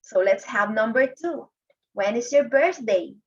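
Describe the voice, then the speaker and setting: Slow, patient grade one teacher woman. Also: a little high, expressive, husky. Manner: patient, drawn-out, addresses kids often. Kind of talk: slow classroom lesson for children. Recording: dull lo-fi recording.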